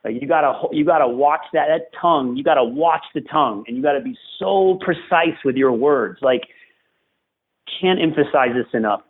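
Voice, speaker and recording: A man's voice: fairly high pitch, normal speed, husky. A man, a tennis coach, giving earnest and emphatic advice as a podcast guest, repeating phrases for stress. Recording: tinny phone-like remote line.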